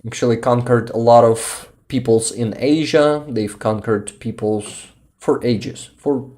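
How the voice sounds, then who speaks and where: A young Ukrainian man hosts a casual live stream, reading out messages in accented English. He pauses to search for the right word and laughs easily between thoughts. His voice sits at an ordinary middle pitch. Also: steady tone, dark tone. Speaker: livestream host.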